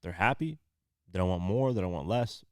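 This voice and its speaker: A man with a very low voice hosts a casual podcast. He retells a story in his own words and acts out the quoted lines. The sound is dry and close to the mic. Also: lively intonation, normal speed, no echo. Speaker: podcast host.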